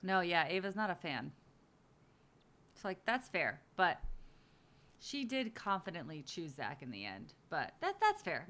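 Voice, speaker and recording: A woman's voice: mid-range voice, bright, forceful tone. A young woman hosting a watch party stream, chatting casually and animatedly, swearing and acting out quotes. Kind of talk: casual chat.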